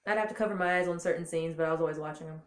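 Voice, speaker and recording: A woman talking as an interview guest, animated and laughing often as she tells stories. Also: sits low, racing, roomy sound. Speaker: guest, voice performer. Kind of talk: casual interview.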